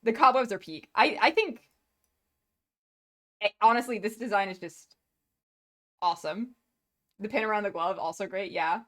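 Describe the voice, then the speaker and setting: A woman's voice: mid-range voice, normal speed, long pauses, a bit bright. A woman streamer chatting casually on a live stream, gushing and rambling with many restarts and laughs.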